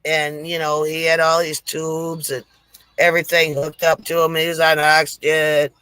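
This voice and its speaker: Woman, live stream host, casual chat and jokes, bright tone, dry close sound. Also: low-pitched, monotone, normal speed, smooth, dry recording, rough recording. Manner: chatty, reads viewer comments aloud, laughs at own jokes. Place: home setup near a lake.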